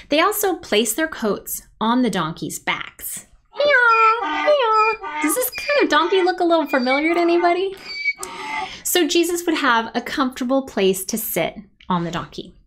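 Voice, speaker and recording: High, animated woman telling a kids' Bible story. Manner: leads the kids in sound effects and cheers. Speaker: children's ministry leader.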